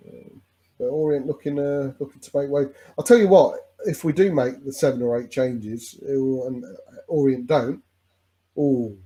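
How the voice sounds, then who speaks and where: A man's voice: medium pitch, moderate pace, warm tone. A man chatting casually as a fan co-host during a live football watch-along, rambling with restarts and calling his friend "mate".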